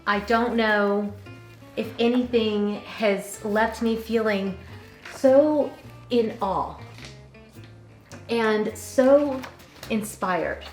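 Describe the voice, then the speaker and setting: Upbeat woman vlogger with a slightly high voice, chatty and giggly, recorded in a roomy space. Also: extremely slow, long pauses, faint music behind. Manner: bubbly, chatty, laughs easily. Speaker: interior design vlogger. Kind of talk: casual vlog chat.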